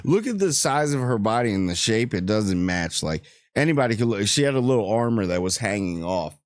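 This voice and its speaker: A man's voice: lowish voice, big pitch swings, no echo, studio quality. Rambling man casually reviewing a show. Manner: rambling, joking, acts out characters in quick asides. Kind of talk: casual spoiler review chat.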